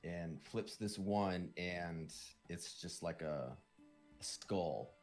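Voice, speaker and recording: A man's voice: deep voice, very slow, faint music behind. A man narrating a tabletop game as game master, with loose, filler-heavy description.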